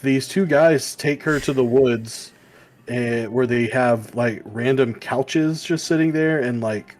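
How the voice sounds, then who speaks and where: A man's voice: mid-range voice, slow pace, a little mellow. A man co-hosting a casual comic book review show, rambling with lots of fillers. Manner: rambling, many fillers, acts out quoted lines. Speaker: podcast co-host.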